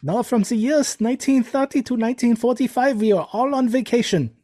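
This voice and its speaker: A man voicing a stern German man with a lisp, speaking in a slow, mock-solemn way. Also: very high voice, mellow, no echo, clean studio sound, voice pushed up.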